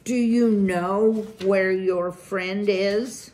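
A woman's voice: mid-range voice, fairly even intonation, extremely slow, a little mellow, pitched above the performer's own voice. A woman voicing a pompous, scolding old male mouse, the head of a large family, in a storybook reading. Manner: scolding, haughty.

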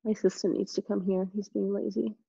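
A woman teaching a live online yoga class, giving calm step-by-step cues between sighs and exhales. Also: mid-range voice, quick pace, vocal fry, slightly rough, lo-fi sound. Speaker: yoga instructor.

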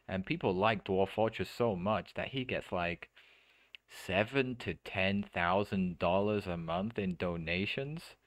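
A deep, low-pitched man rambles through a live game stream, thinking aloud and restarting his sentences often. His voice is close and dry, with no room sound around it. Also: fairly bright tone, no room sound. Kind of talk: casual let's-play commentary. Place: home streaming setup.

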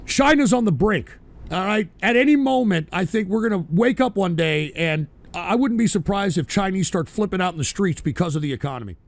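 A man hosting a livestream show, ranting with constant swearing, shouting at trolls, and tacking "all right?" onto his sentences. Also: high-pitched, expressive, fairly quick, dry recording. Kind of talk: profane livestream rant.

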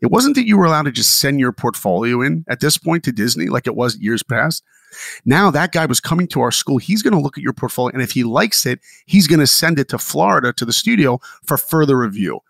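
An animated man telling motivational stories to a podcast host, his voice swinging widely in pitch. It carries a gravelly edge. The sound is close and dry, with no room around it. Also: fairly quick, no room sound. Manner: animated and enthusiastic. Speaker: podcast guest. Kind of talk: motivational storytelling.

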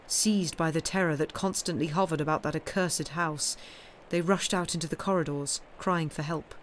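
A woman's voice: low voice, a little hiss or hum. Woman narrating a classic novel. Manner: expressive, steady narration. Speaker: audiobook reader. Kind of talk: live-streamed novel reading.

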